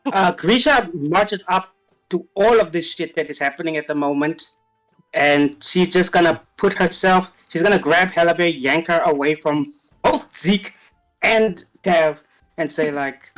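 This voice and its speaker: A woman's voice: fairly low pitch, rough recording. A woman player describing her character's actions in a tabletop game, casually and with many fillers.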